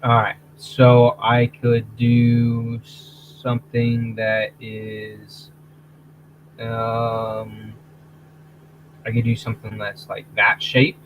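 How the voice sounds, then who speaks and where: Slow, rambling man on a lo-fi stream. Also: medium pitch, monotone, slight background noise. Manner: rambling, halting, with many restarts and throat-clearing. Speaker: livestream host. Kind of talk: casual livestream chat.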